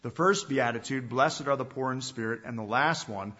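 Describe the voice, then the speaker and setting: A man preaching a sermon as pastor, stressing some phrases loudly and letting others drop to a hush, repeating himself and putting direct questions to his listeners. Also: medium pitch. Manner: emphatic preaching that swings between loud stresses and hushed, drawn-out endings. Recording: dull lo-fi recording.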